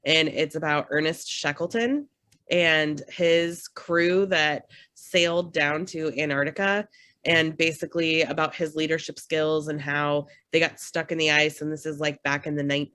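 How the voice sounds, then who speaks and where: A woman's voice: deep voice, steady tone, moderate pace, a bit bright, no echo. A woman speaks as a guest on a casual podcast, recounting stories in a friendly, easygoing manner. Her voice sounds dry and close, with almost no room sound. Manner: friendly, storytelling. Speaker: podcast guest, association director.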